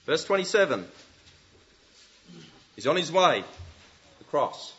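A man preaching a sermon, animated and full of rhetorical questions. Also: on the high side, takes it slowly, muffled recording.

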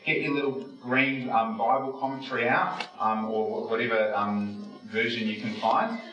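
A man's voice: mid-range voice, level tone, moderate pace, fairly bright tone, highs cut off. A man giving a chatty Bible study sermon, posing rhetorical questions to his listeners. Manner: folksy, chatty, with frequent fillers. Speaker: Bible teacher. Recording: very echoey room from a distance with faint music.

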